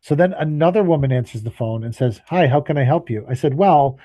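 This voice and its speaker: Exasperated, swearing man with mellow voice. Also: fairly high pitch, animated, a little fast, no room sound. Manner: exasperated, swears often, acts out both sides of phone calls. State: tired. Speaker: podcast co-host, landscaping business owner. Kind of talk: casual storytelling rant.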